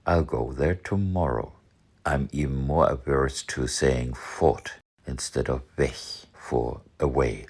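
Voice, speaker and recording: A man from northern Germany giving a language lesson, explaining words calmly and reading example sentences in a dry, measured way. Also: extremely low pitch, vocal fry, husky. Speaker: language educator.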